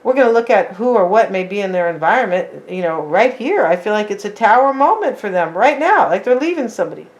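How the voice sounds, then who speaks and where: A woman's voice: mid-range voice, expressive, fairly quick, few pauses, lo-fi sound. A woman giving a casual tarot reading, chatting straight to her viewers and tagging her lines with "right?" and "like". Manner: talks straight to viewers as "you guys". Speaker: tarot reader.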